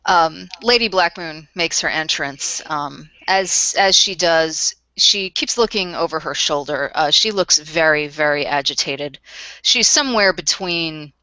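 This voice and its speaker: A woman's voice: sits low, measured pace, sharp tone, dry recording, low-quality recording. A woman playing a tabletop role-playing game, narrating her character's actions in a hesitant manner, full of ums and restarts.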